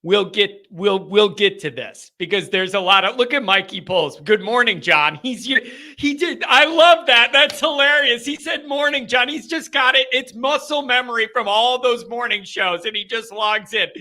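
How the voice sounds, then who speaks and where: High-pitched, bright, emphatic male host. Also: moderate pace. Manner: animated, emphatic, repeats phrases for effect. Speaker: host of a fan call-in show. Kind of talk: live fan talk show.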